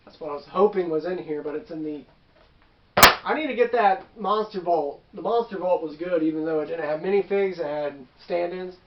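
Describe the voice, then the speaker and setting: Rambling high-voiced man telling a game story. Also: moderate pace, reverberant, lo-fi sound, heavy background noise. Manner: rambling, with asides and self-corrections. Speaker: tabletop game master recounting a session. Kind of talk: casual storytelling.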